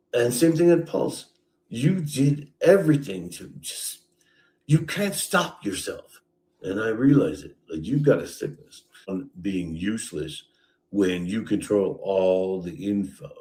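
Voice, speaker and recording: A man's voice: medium pitch, a little mellow. A man in an angry, bitter rant, accusing and swearing at someone he knows. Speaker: streamer.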